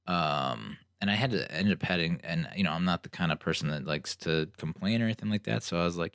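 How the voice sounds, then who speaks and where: A young man from New Jersey hosting a podcast, telling stories in a casual, animated, sarcastic way and acting out what other people said. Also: low-pitched, brisk, gravelly, few pauses, clean tone, dry recording, clean studio sound. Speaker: podcast host. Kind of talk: casual solo storytelling.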